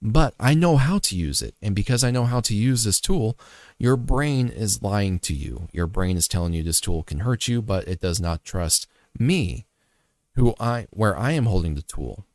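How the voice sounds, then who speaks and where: Deep-voiced man, earnest and reflective. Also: expressive, moderate pace, a little mellow, dry recording. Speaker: father telling a personal story. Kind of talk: motivational faith talk.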